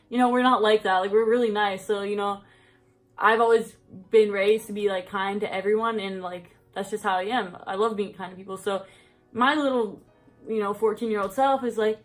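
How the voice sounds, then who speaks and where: A woman's voice: mid-range voice, steady tone, normal speed, faint music behind. A young woman telling a story on her vlog in casual chat, rambling with lots of fillers and a bit out of breath. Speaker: vlogger.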